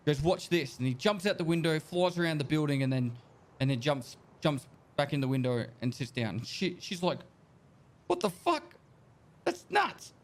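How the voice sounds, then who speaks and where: A man casually telling a joke to friends during a game session. His voice sits fairly high, and his telling is loose and full of fillers. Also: brisk. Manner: loose, filler-heavy storytelling.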